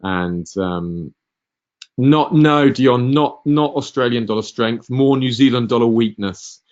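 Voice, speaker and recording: A man's voice: medium pitch, takes it slowly, darkish tone, highs cut off. A man hosting a live market-analysis webinar, answering viewer questions with many ums, uhs and restarts.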